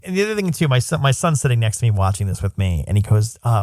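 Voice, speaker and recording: Man, podcast co-host, casual chat, thinks out loud, rambling, dry close sound. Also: mid-range voice, lively intonation, fast, hardly any pauses, dry recording. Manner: thoughtful and rambling, thinks aloud with restarts.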